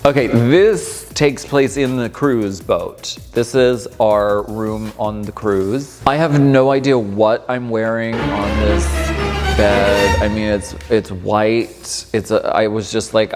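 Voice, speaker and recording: Chatty amused man, lowish voice. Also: steady tone, slow, darkish tone. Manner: chatty, amused, lots of filler "like". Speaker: drag performer reacting to old footage. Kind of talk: casual reaction commentary. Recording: long room reverb with faint music.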